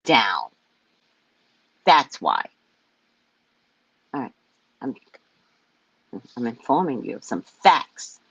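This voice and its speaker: A woman's voice: very deep voice, wildly swooping pitch, extremely slow, gravelly, pauses often, slightly rough, no echo, muffled recording. An older woman hosting a psychic show, reading the news aloud and bluntly mocking it with profanity in a casual rant. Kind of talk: casual live-stream rant.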